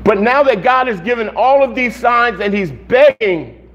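High-voiced pastor preaching slowly. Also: male voice, animated, fairly bright tone, lo-fi sound. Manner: conversational, restarts and repeats phrases. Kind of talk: sermon.

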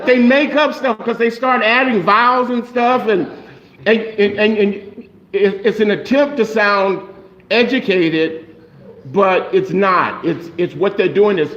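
A man's voice: high-pitched, measured pace, fairly bright tone, lo-fi sound. A man preaching a sermon in a conversational way, checking in with the congregation with frequent "okay?". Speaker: pastor.

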